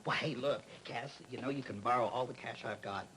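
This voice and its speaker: A man's voice: mid-range voice, brisk, fairly bright tone, close to an everyday voice, poor audio. Brief: actor as a wisecracking, down-on-his-luck buddy in a soap, light hiss. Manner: wisecracking, self-mocking. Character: joking, luckless bachelor friend. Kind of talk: 1980s TV soap opera acting.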